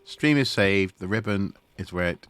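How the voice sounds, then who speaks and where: Excitable man streaming a game. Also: deep voice, moderate pace, smooth. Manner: excitable, talks to the game characters. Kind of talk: casual gameplay commentary.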